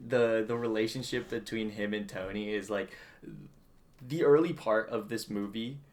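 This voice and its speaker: A man with a lowish voice speaks at normal speed as co-host of a casual movie review podcast. He talks animatedly, restarting often and laughing frequently.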